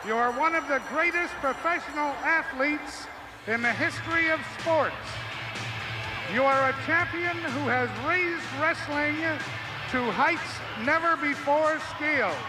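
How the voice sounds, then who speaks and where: A very high-voiced man reads a ceremonial tribute in a formal, measured way. Music is clearly heard behind him. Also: rough recording. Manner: formal, ceremonial, reading aloud. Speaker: league president. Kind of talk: formal presentation speech.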